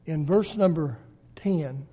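Male preacher, slow and deliberate, slightly high-pitched, dramatic loud-soft sermon delivery. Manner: swings between loud emphasis and hushed lows.

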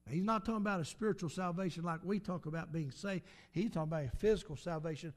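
A man's voice: a little high, quick pace, hardly any pauses. A man preaching a sermon in an emphatic, repetitive cadence, with swells of volume.

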